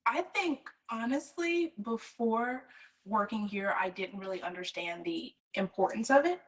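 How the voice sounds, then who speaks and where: A woman's voice: a little high, expressive, measured pace, a bit bright, rough recording. A woman who works at the place, chatting casually with many fillers. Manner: chatty, lots of "like" and "um", laughs easily. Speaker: staff member. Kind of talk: casual chat.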